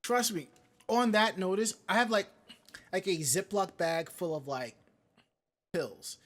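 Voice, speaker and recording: A man's voice: high voice, unhurried, a bit bright. A man co-hosting a live podcast, chatting casually, wandering off on tangents and reading viewer comments aloud into a home studio mic. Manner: rambling, digressive, reads chat comments aloud. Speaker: podcast co-host. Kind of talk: casual live-stream chat.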